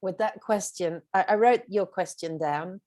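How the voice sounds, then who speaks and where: A woman's voice: fairly low pitch, moderate pace, mellow. A woman in a discussion group, thoughtful, repeating phrases to try out different emphasis.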